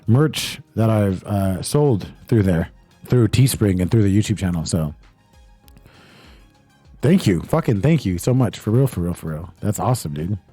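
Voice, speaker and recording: A young man hosts a casual livestream from his home setup, chatting loosely, reading chat messages aloud and swearing often in a laid-back way. His lowish voice is expressive, mellow and slightly rough at normal speed. There's no echo and faint music plays behind him.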